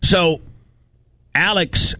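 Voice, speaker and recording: A male radio host telling a story in casual studio talk, heated and animated, recorded in a studio on a studio mic. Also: sits high, extremely slow, no room sound.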